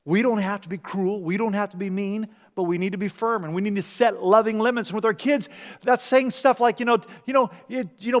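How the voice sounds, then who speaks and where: A man preaching a sermon in a church, animated, acting out everyday scenes and often repeating words. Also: sits high, a little fast, big-room sound. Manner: animated, acts out parent and commercial voices, repeats words. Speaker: pastor. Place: church sanctuary.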